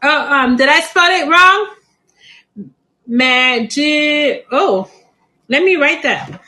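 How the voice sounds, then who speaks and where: A woman's voice: high voice, animated, slow pace, sharp tone, poor audio. A middle-aged woman hosting a live plant sale stream, chatty and laughing often.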